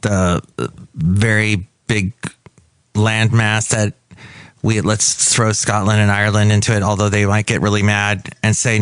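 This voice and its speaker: A man's voice: fairly low pitch, little pitch movement, moderate pace, fairly bright tone, clean tone, no echo. Chatty, rambling male podcast host. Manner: chatty, digressive, self-correcting. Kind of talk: rambling solo podcast chat.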